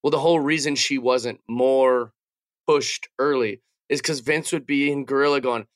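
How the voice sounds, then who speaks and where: A man in a casual podcast chat, telling animated anecdotes and acting out the voices of the people he quotes. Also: mid-range voice, moderate pace, no room sound, clean studio sound. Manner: animated, acts out quoted voices, laughs while talking.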